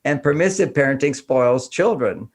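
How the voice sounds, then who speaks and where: A man's voice: medium pitch, expressive, normal speed. A man from Houston, Texas, talking animatedly as a podcast guest and acting out bits of dialogue as he goes. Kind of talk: conversational interview.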